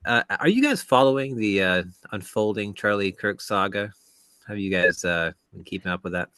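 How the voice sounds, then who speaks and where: Bright-toned man explaining things at length. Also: on the low side, lively intonation, no echo. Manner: lengthy explaining with frequent "uh" pauses. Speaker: podcast co-host. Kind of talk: casual podcast chat.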